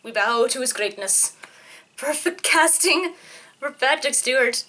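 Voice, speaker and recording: A woman giving casual film commentary, sarcastic and ranting, with loud exasperated outbursts. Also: high-pitched, animated, unhurried. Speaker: film reviewer.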